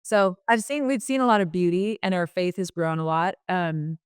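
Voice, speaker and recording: A woman's voice: lowish voice, clean tone, no echo, clean studio sound. Heartfelt woman telling a family story. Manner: heartfelt, halting, many fillers and restarts. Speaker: podcast guest. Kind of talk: emotional personal storytelling.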